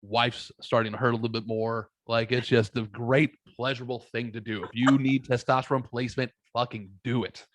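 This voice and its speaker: A man in his thirties tells a story in a blunt, profane way, voicing each side of the exchange himself. His voice sits at an ordinary pitch for a man. The sound is close and dry, with almost no room around it. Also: level tone, fairly quick, few pauses, fairly bright tone, no echo. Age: 30s. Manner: blunt, profane, acts out both sides of stories. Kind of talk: casual podcast storytelling.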